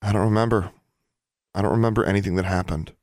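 A man's voice: fairly low pitch, steady tone, fast talker, darkish tone, no echo, studio quality, voice pushed up, natural voice. A man voicing Alexandra, an upset, defiant teenage girl student, in a lightly raised, tense voice in an audiobook. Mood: numb.

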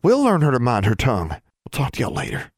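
Man playing a gentle southern girl, folksy, soothing. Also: lowish voice, very animated, a little fast, no room sound, studio quality.

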